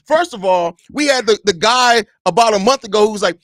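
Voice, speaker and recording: A man hosting a sports podcast with a bright, forceful voice, recorded dry and close with no room sound. He slides from loose, repetitive talk into profane, exasperated rants, mocking and shouting, with bursts of laughter. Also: sits high, lively intonation, brisk, few pauses, no echo. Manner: laughs between lines, repeats himself. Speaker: podcast host. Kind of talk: solo sports podcast rant.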